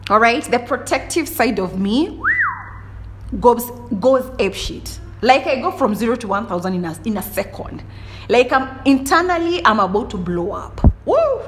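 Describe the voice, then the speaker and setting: Her voice is medium-pitched and fairly bright: a young podcast host delivering a casual solo monologue. She talks bluntly with plenty of animation, frequently starting sentences over and adding playful exclamations.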